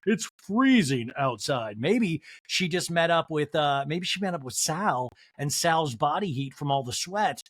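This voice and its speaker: A man's voice: on the high side, moderate pace, hardly any pauses, fairly bright tone, dry recording. A man hosting a podcast, recapping reality TV with snarky, joking asides. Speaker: podcast host. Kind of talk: comedic TV recap.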